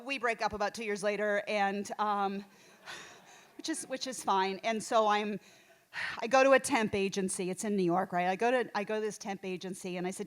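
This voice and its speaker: Her voice is mid-range and a bit bright. She is a middle-aged Texan stand-up comedian performing on a small theater stage, rambling, putting herself down and using lots of fillers and restarts.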